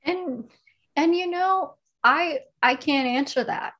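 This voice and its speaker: Slow, measured woman reading her poem. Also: sits high, pushed and bright, muffled recording. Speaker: poet and guest. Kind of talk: poetry reading and casual chat.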